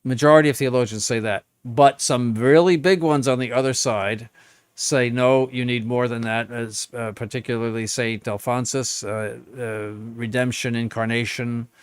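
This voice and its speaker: An older man speaks as a bishop fielding questions from viewers, answering bluntly and emphatically in plain words. His voice sits at an ordinary middle pitch. The recording is dry and close, with no room sound. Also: steady tone, moderate pace, clean tone, no room sound. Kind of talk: live Q&A stream.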